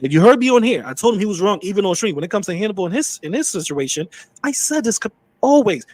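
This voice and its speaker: A man streaming, giving fast, insistent, preachy commentary. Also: sits high, big pitch swings, darkish tone, no echo.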